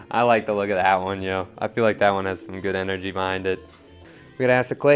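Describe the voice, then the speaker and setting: Relaxed man coaching at the pottery wheel. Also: deep voice, fast talker, soft background music. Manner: relaxed, coaching, keeps asking right?. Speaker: pottery teacher. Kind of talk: casual wheel-throwing demo.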